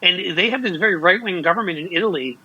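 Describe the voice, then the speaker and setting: Impassioned husky man, dull lo-fi sound. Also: sits high, quick pace, bright, forceful tone. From Ohio. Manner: impassioned, blunt, stumbling restarts. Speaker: political commentator. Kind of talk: heated political talk.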